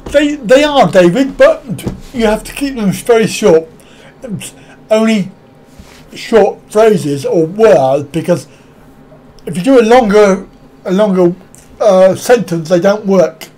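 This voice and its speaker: Man, live stream host, high voice, rambling casual chat, frequent chuckles, reads out comments. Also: animated, takes it slowly, dark tone. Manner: rambling, reads viewer comments aloud and answers them; chuckles often.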